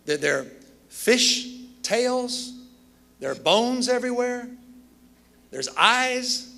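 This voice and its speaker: A man voicing his excitable hotel engineer, who calls in a panic. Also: very high voice, slow pace, gravelly, pitched above the performer's own voice, full character voice. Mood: excited.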